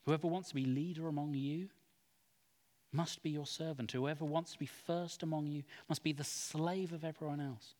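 A man reading the lines of Jesus as a calm, grave male teacher, speaking in a hushed, measured way. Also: a little high, lightly acted. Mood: earnest. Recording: long hall reverb.

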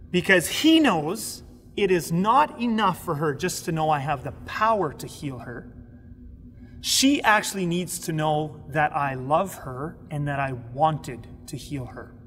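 A man teaching a sermon, animated, acting out the people in the story. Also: on the high side, in a large hall, a little hiss or hum. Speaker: pastor. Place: recorded for an online audience.

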